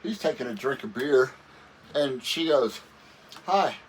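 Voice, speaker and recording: A man's voice: medium pitch, a little slow, breathy edge. Laid-back rambling man telling road stories. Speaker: guest musician. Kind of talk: casual storytelling interview. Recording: voice a bit far from the mic with faint noise.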